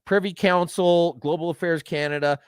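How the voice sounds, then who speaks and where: Sarcastic talk show host, fairly high voice. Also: male voice, steady tone, moderate pace, clear, resonant tone, no room sound, studio quality. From Alberta. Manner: sarcastic, reads headlines aloud, teasing. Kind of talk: casual news chat.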